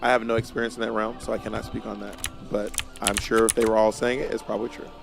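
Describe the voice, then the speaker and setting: A man with a gravelly, creaky voice chats casually as a co-host. He talks in an animated, emphatic way and often restarts his sentences. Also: lowish voice, fast, music in the background. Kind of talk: casual chat.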